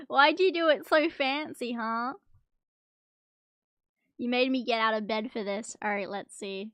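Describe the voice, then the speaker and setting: A woman's voice: on the high side, unhurried, pauses often, fairly bright tone, clear, resonant tone, dry recording. A woman streamer chatting casually to her viewers, playful and teasing, often giggling. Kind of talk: casual live-stream chat.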